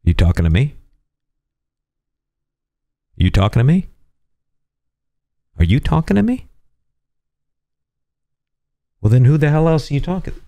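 A man's voice: low-pitched, mellow, no echo, clean studio sound, heavily acted. A man putting on a belligerent tough-guy gunman, firing off aggressive challenging questions.

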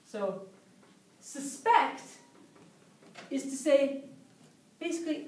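Female language teacher, slow and patient, repeating examples, recorded from afar in a reverberant room. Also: on the high side, lively intonation, a little hiss or hum. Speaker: English teacher. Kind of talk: explaining vocabulary. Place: English conversation class room. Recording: roomy sound from a distant mic.

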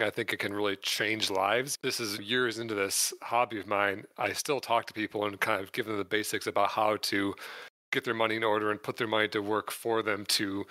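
A man's voice: lowish voice, sharp tone, dry recording. An American man from Michigan, in his thirties, speaking as a podcast guest in a friendly, earnest way. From Michigan, United States. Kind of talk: podcast interview.

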